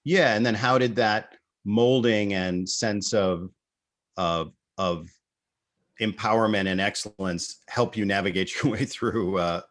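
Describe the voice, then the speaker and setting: Low-voiced casual male host. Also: a little slow, fairly bright tone. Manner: casual, hesitant phrasing with many fillers. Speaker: interview host. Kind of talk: conversational interview.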